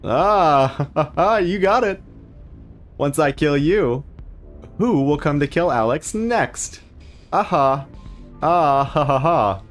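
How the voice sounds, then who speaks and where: A man's voice: on the high side, lively intonation, slow pace, pauses often, faint music behind, pitched above the performer's own voice. A man voicing a giggling, bloodthirsty young woman villain from a video game, with cackling, sing-song taunts. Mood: taunting.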